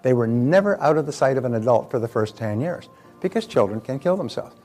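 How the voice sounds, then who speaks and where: A man's voice: mid-range voice, expressive, fairly quick, warm tone, faint music behind. Older man giving a motivational talk. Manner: conversational, anecdotal, with repeated words and fillers. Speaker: motivational speaker.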